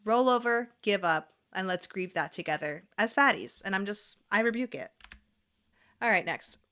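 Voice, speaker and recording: Woman hostin a reaction vid, blunt n sarcastic, kinda bright sharp voice. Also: medium pitch, expressive, normal speed. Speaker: reaction video host. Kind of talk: casual reaction commentary.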